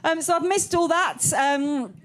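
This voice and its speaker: A woman from England doing live stand-up in a comedy club. She talks quickly and casually, swears a lot and fills her pauses with "um". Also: extremely high pitch. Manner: chatty, quick, sweary, many ums.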